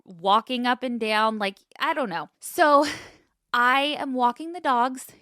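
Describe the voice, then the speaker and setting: A woman co-hosting a podcast, telling stories in casual chat, animated and swearing freely as she acts out what people said. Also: a little high, takes it slowly, no room sound, studio quality. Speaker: podcast co-host.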